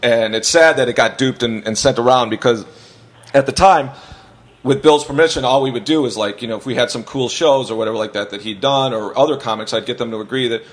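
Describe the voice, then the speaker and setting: A man's voice: mid-range voice, a little fast. A man with a mid-range voice chats casually on a podcast. He tells long, winding stories, swears freely, restarts his sentences often and slips into other people's voices to quote them.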